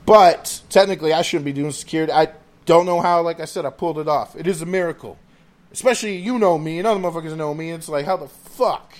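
A man's voice: a little high, quick pace. A man hosting a podcast, telling rambling, profane stories in casual chat. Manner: profane, rambling, animated storytelling. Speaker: podcast host.

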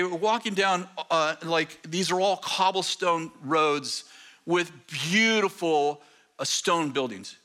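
A man preaches to his congregation, spinning a personal story with a high, piercing voice. He talks in an animated, self-mocking way, stumbling through restarts as he reaches for words. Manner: animated, self-deprecating, halting with many restarts. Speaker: pastor. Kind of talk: sermon storytelling.

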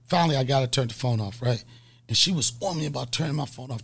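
A middle-aged man hosting a podcast, telling a profane comic story in an animated way and acting out scenes with mock gasps. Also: mid-range voice, fast talker, vocal fry, breathy edge. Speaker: podcast host and comedian.

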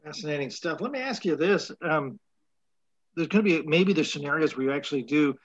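A man hosting an interview, asking questions in a brisk, conversational way. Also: fairly high pitch, expressive, breathy edge, dry recording, lo-fi sound. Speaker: podcast host.

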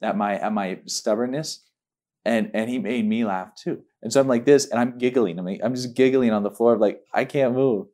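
A man, a minister, tells a personal story in casual conversation. He is animated, often restarts his sentences and keeps breaking into giggles. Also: mid-range voice, normal speed. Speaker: minister and guest.

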